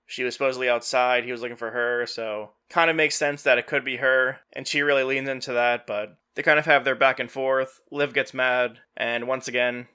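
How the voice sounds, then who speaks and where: A man's voice: medium pitch, bright, forceful tone, smooth. A man hosting a podcast, casually retelling a film scene by scene and quoting the characters in his own voice, with lots of "you know" and "like". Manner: heavy use of fillers like "you know" and "like". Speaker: podcast host. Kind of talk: casual movie recap.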